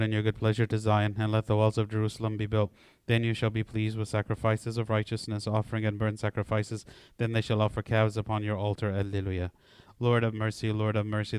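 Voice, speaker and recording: Low guy reading prayers in a dead flat monotone, super clean dry sound. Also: clear, resonant tone, no echo. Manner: steady, even recitation with chanted responses. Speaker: prayer leader. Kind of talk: reciting liturgical prayers.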